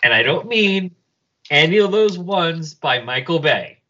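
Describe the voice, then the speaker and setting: A man co-hosting a casual podcast, reading out and describing a comic in an animated, joking way, on a dull lo-fi recording. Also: on the high side, measured pace. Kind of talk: casual read-along chat.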